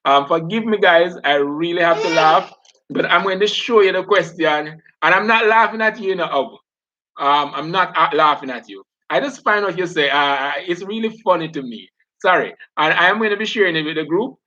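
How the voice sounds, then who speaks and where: Guy teaching an online class, kinda high bright voice, chatty, calls on students, dull lo-fi sound. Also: fairly quick. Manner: chatty, addresses students by name, laughs often. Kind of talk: live online class lecture.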